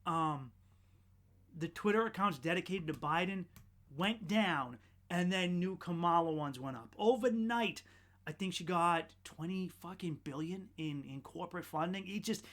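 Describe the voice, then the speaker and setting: A man hosting a podcast, delivering a sardonic, profane comedic rant that rambles, restarts and swings between loud outbursts and muttered asides. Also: sits high, expressive, unhurried. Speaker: podcast host.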